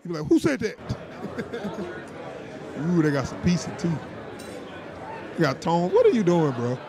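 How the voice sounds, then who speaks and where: A man co-hosting a casual reaction chat, laughing often and acting out quotes in an animated way. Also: on the high side, brisk, crowd noise. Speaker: co-host.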